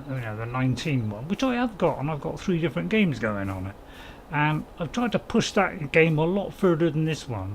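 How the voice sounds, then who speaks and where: A man's voice: on the high side, slight background noise. A man hosting a casual game let's-play, chatting with viewers in a rambling, apologetic way with frequent chuckles. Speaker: gaming channel host.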